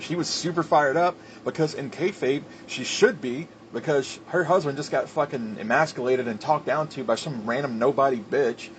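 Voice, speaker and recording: A man's voice: mid-range voice, a little hiss or hum. Heated, profane man ranting about wrestling. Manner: filler-heavy with restarts. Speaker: wrestling commentator. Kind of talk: ranting commentary.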